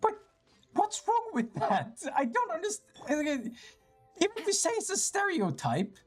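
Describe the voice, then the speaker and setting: A woman's voice: very high voice, wildly swooping pitch, a little slow, faint music behind. A woman hosting a livestream, chatting casually in a blunt, teasing way with frequent swearing. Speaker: livestream host. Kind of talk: casual chat.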